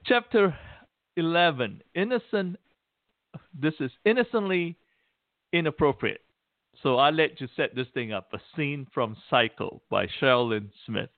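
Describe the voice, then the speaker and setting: A man's voice: a little high, lively intonation, slow pace, long pauses, no room sound. A man co-hosting a podcast, chatting casually and chuckling. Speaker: podcast co-host. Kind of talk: casual chat. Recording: phone-like, dry sound.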